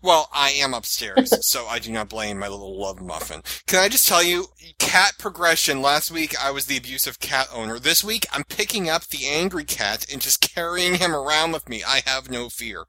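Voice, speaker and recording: A man from the Northeast US hosting a podcast, telling stories in casual chat with big pitch jumps. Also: animated, normal speed, few pauses, sharp tone, poor audio. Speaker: podcast host.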